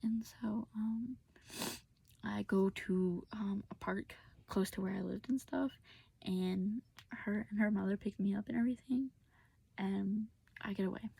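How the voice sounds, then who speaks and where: Young woman, casual venting storyteller, tearful edge, dark mellow tone. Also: mid-range voice, unhurried, vocal fry, slightly rough, no room sound. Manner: casual, venting, many fillers, drops to whispers. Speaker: vlogger telling a personal story. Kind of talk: personal storytelling vent.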